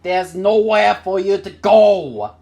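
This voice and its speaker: A man voicing a domineering teenage boy who leads a mob and shouts orders. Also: on the high side, very animated, unhurried, muffled recording. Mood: bossy.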